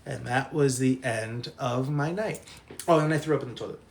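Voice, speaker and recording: A young man telling a long college story to a live stream chat, animated and profane, laughing as he goes. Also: medium pitch, normal speed, vocal fry, slight background noise.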